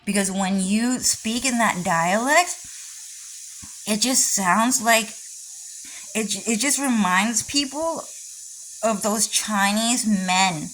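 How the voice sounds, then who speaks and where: A woman's voice: on the high side, slow, pauses often, fairly bright tone, a little hiss or hum, rough recording. A young adult woman rambling through a personal vlog monologue, lecturing insistently and repeating herself again and again. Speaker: vlogger.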